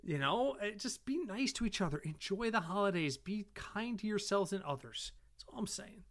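A middle-aged man co-hosting a casual podcast, an animated storyteller who swears freely. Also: high voice, moderate pace. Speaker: podcast co-host.

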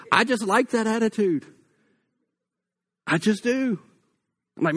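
A man's voice: high voice, animated, takes it slowly, pauses often, a bit bright, breathy edge. A man preaching a sermon in a conversational, folksy way, with casual asides. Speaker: pastor.

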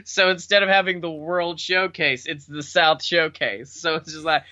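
A man co-hosting a casual comedic podcast chat, laughing often and riffing quickly on silly ideas. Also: on the high side, steady tone, pushed and bright, dull audio. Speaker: podcast co-host.

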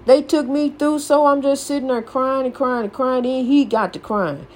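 A woman's voice: sits high, normal speed. An older woman hosting a podcast, giving a folksy, preachy motivational talk and repeating her phrases for emphasis. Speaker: podcast host.

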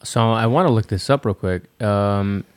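A man's voice: lowish voice, moderate pace, smooth, no room sound. Man co-hosting in a dry-sounding room. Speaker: podcast co-host. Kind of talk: casual chat.

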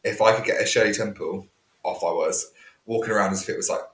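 A man's voice: fairly low pitch, fairly even intonation, fast talker, a bit bright, echoey room. A man, a podcast guest, chatting animatedly and telling stories with self-mocking humour. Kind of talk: casual chat.

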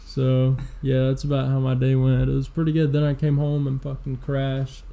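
A young man in his twenties rambles through a story in loose, profane podcast chat. His voice is dark and mellow with a gravelly fry, and his pitch stays fairly flat. He sounds low on energy and fills gaps with lots of "uh" and "like.". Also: normal speed. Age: 20s. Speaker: podcast co-host. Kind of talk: casual chat.

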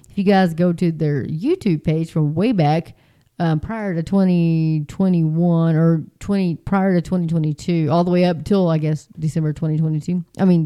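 A middle-aged woman talking casually to her viewers, chatty and animated, jumping into high mocking voices. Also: clear, resonant tone. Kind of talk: casual spoken monologue.

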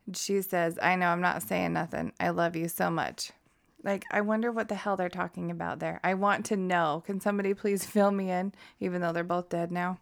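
A woman with a smooth, clear voice co-hosting a chatty podcast. She talks casually and swears freely. She reads out phone call transcripts in an easy, conversational way. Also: fairly low pitch, steady tone, brisk. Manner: laughs often, swears casually. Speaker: podcast co-host. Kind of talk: casual chat, reading transcripts aloud.

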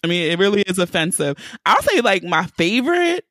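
A woman's voice: medium pitch, very animated, a little fast, a bit bright, no echo. Lady hosting a podcast, candid, cussing, laughs a lot, dry close sound. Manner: candid, profane, laughs easily. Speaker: podcast host. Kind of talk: casual chat.

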